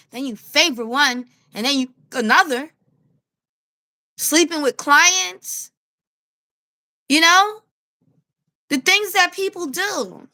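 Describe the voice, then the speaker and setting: A woman with a New York accent ranting to camera as a street vlogger, animated and blunt, laughing as she tells her story. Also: sits high. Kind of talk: casual rant to camera.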